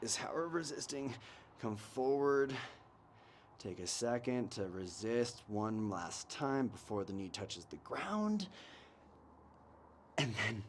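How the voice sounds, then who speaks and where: Using a new mic at home, a fitness instructor talks through a mobility workout in a mid-range, sing-song voice, speaking slowly with long pauses. He coaches, counts down, and cracks jokes with a laugh, while a lawn blower whirs outside and a faint hiss or hum sits under the audio.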